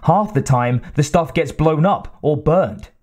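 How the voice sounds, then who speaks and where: A man's voice: a little high, measured pace, darkish tone. A man voicing a reckless, proud young lieutenant who pushes to get his way. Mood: pushy. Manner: pushy, pleading. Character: cocky, reckless male lieutenant, proud and pushy.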